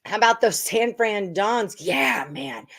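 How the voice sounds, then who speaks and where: A woman's voice: mid-range voice, animated, a little slow, a bit bright. A young woman hosting a casual sports betting live stream, chatty and joking as she talks picks and reads comments. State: out of breath. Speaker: sports betting show host.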